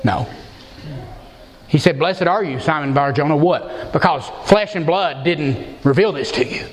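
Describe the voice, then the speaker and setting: A man's voice: on the high side, a little slow. A man preaching an expository sermon as pastor, emphatic and posing rhetorical questions to the congregation. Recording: long hall reverb.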